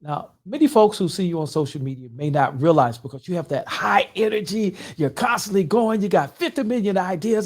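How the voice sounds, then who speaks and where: A man, a pastor, hosting an interview and asking measured questions, often repeating his words. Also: high-pitched, darkish tone. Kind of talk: interviewing a guest.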